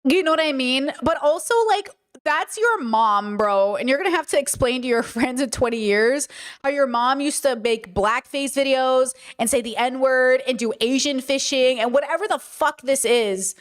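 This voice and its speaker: A woman's voice: sits high, moderate pace. A young woman streaming, reacting to a music video in casual, incredulous chat full of laughs and sarcastic asides.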